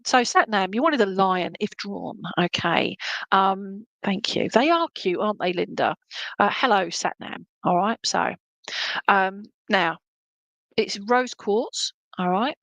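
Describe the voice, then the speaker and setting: A woman's voice: medium pitch, a bit bright, no room sound. A woman giving live psychic readings in a chatty, hesitant way, with lots of ums, calling viewers "my lovely". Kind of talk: casual live-stream reading.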